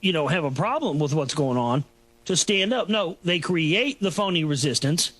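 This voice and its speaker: A man's voice: on the high side, expressive, normal speed, fairly bright tone. A man hosting a talk show, rambling through a sarcastic, mocking solo commentary. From Texas.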